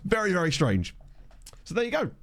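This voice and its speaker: A man's voice: high voice, huge pitch swings, brisk, fairly bright tone. A man chatting casually with his viewers over a game, rambling and self-deprecating, on a desk microphone. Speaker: gaming streamer. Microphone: desk condenser microphone.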